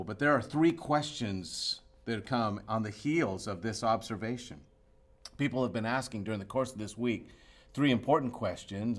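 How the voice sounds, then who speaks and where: A man delivering a church sermon in a fairly low voice. He preaches expressively, rising to loud emphatic peaks and dropping to hushed, quiet lines. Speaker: pastor.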